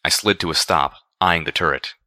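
A man narrating a first-person story with a steady, expressive reading. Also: low voice, fairly quick, no room sound, clean studio sound. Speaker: audiobook narrator.

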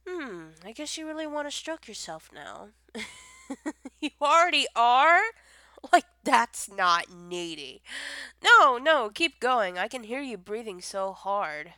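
A woman's voice: medium pitch, sing-song, takes it slowly, bright, forceful tone, smooth, dry recording. A young woman teasing and giggling in a casual, improvised intimate audio role-play, recorded close on a home microphone.

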